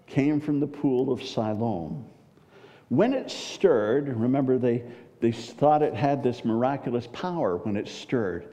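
Male preacher, mellow mid-pitched voice, teaching Scripture with questions to the congregation; dull audio, long hall reverb. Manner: asks listeners rhetorical questions. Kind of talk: Bible teaching sermon.

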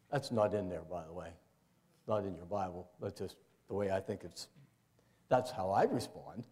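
Older guy pastor giving a sermon, chatty folksy style, mellow voice. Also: moderate pace. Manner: conversational, folksy, jumps into high playful voices for asides. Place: church sanctuary.

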